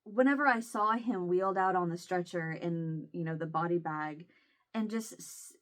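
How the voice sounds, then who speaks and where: A woman vlogger talking casually to camera in a halting, emotional way, close to tears, with a Southern Illinois accent. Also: fairly low pitch. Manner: halting, emotional, many restarts. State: near tears.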